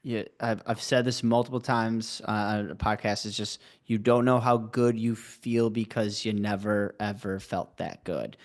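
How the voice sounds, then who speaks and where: A man's voice: fairly low pitch, fairly even intonation, unhurried, few pauses. A man hosting a podcast, chatting casually and rambling with lots of filler words. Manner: rambling, heavy use of "like" and restarts. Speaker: podcast host. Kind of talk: casual interview chat.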